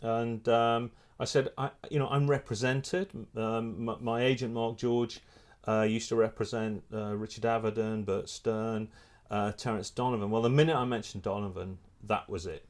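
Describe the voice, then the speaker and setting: A middle-aged man, a photographer and filmmaker, telling a lively anecdote in a casual interview, restarting his sentences often. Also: on the low side, normal speed. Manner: animated storyteller, many restarts.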